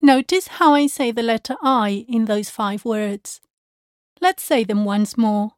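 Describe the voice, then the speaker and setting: A woman teaching pronunciation who speaks with a slightly high voice and a slow, careful pace. She enunciates every word clearly in a dry, close studio recording. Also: no room sound. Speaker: Spanish teacher. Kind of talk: pronunciation lesson.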